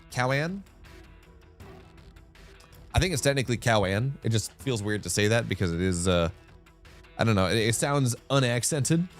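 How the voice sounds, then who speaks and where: A man casting a strategy game match on a live stream, talking in an animated, chatty way and wandering into rambling asides. His voice sits at an ordinary middle pitch, and faint music plays behind him. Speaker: esports caster and streamer. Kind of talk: live-streamed esports commentary.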